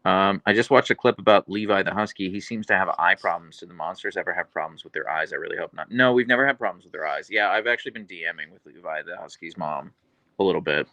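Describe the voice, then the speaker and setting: Gravelly low-voiced man chatting on a livestream. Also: fast, pushed and bright, dry recording, poor audio. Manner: chatty, reads and answers viewer comments. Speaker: livestream host and dog owner. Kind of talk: casual livestream chat.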